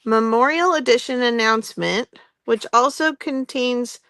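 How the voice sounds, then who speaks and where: Woman host for a live sale, slow unhurried talk, gravelly edge, bit of a higher voice, laughs a lot. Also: a bit bright, dry recording. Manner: chatty, laughs often, trails off and restarts. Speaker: host running a live craft-supply sale. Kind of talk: casual live sale chat. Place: indoor shop with construction noise nearby.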